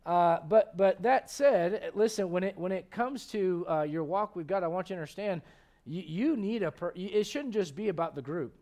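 A man in his thirties, a pastor preaching a lively, conversational sermon with frequent restarts. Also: high voice, normal speed.

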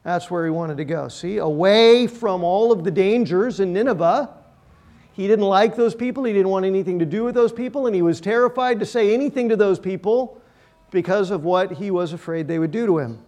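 A man preaching a sermon, emphatic, with his voice swelling loud and then dropping quiet. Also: high-pitched, brisk. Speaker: pastor.

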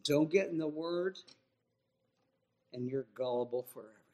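A man preaching a sermon, mocking swindlers with joking asides and swinging from loud exhortation to a hushed near-whisper. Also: a little high, normal speed.

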